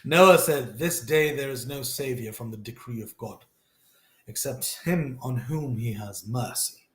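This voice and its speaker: A man reading scripture aloud and commenting on it in an earnest, animated way, talking straight to the listener. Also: mid-range voice, unhurried, reverberant. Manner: earnest, animated, talks to the listener directly, repeats himself.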